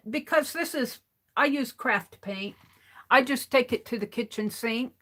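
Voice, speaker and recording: A woman's voice: fairly high pitch, pushed and bright. Chatty woman demonstrating a craft tool. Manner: rambling, restarts sentences while demonstrating. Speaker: craft livestream host.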